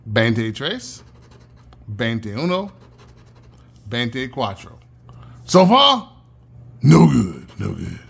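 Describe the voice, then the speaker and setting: A man's voice: medium pitch, wildly swooping pitch, very slow, vocal fry, long pauses, husky. A man hosting his own channel, chatting casually while scratching lottery tickets and calling out numbers in a sing-song chant. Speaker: channel host.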